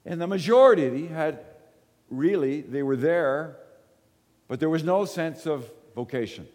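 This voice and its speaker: A man's voice: fairly high pitch, unhurried. Man preaching in a reverberant hall. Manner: animated storyteller, often asks the room "right?". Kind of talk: conversational sermon with storytelling. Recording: long reverb from a large hall.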